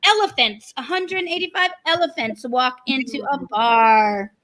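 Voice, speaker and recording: A woman's voice: high voice, expressive, a little slow, fairly bright tone, poor audio. A woman hosting an online improv game over a video call, chatty and self-deprecating.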